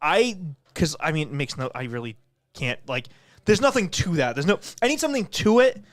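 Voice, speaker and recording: A man's voice: on the high side, sing-song, fairly quick, no room sound, clean studio sound. A man co-hosting a casual podcast, joking and teasing the others. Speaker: podcast co-host. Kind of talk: casual chat.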